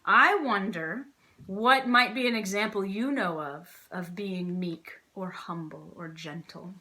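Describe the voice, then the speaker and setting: Bright-voiced woman teaching Sunday school. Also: medium pitch, measured pace. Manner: chatty and playful, often laughing. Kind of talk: casual children's church lesson.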